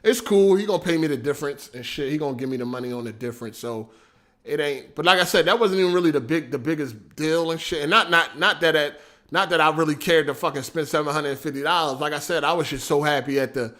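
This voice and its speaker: A man hosting a livestream, telling a story in a casual, slangy, profane, animated way. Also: on the high side, fast talker. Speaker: podcast host.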